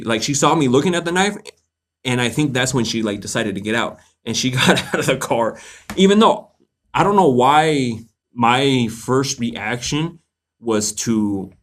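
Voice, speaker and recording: A man of ordinary pitch hosts a live question-and-answer stream, telling stories to his viewers in a loose, casual way. He is animated, breaks into laughter often, and swears freely.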